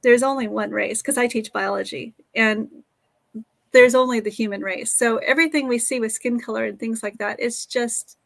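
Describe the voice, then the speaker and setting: A woman's voice: fairly high pitch, steady tone, moderate pace, creaky. A middle-aged woman, a teacher and author, talking earnestly and reflectively as an interview guest.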